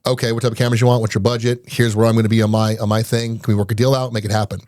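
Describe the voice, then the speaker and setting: A middle-aged man, a guest on a podcast, telling lively anecdotes in a casual interview and often laughing between them. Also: on the low side, no room sound, clean studio sound. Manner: rapid, animated anecdotes broken up by laughter. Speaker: podcast guest, IT business owner.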